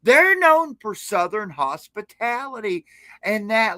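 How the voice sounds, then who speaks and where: A man's voice: on the high side, animated, a little slow, pushed and bright, no echo. A man, a podcast guest talking casually in an impassioned, sardonic rant over a remote call. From Appalachia. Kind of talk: casual conversation. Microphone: remote streaming call.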